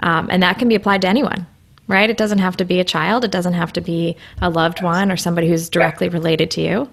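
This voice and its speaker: A woman's voice: on the low side, fairly even intonation, fast, creaky. A woman hosting a podcast, asking probing questions and reflecting back what her guest says. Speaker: podcast host. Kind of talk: conversational podcast interview.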